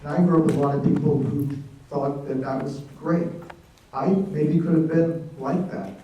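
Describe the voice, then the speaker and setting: A man in his sixties with a fairly high voice tells a comic story on stage, slipping into other people's voices as he goes. He sounds a little distant from the microphone in a big, echoing hall. A faint hum of the room sits underneath. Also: steady tone, normal speed, lo-fi sound. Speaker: author at a library event. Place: large hall, live audience. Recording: echoey hall, mic from a distance.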